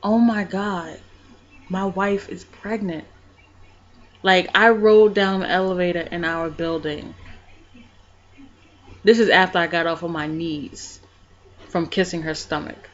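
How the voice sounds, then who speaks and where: A woman vlogging about her own life, shifting between calm, soft reflection and animated retelling of scenes. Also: fairly low pitch, a little slow, pauses often, lo-fi sound. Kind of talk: personal storytelling vlog.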